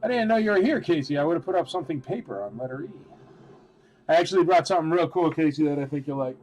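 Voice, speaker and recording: Guy calling a live toy auction, kinda high voice, rambles a lot, faint music behind. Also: lively intonation, fast, darkish tone. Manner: chatty and rambling, lots of "like" and "freaking". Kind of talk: casual live-stream auctioneering.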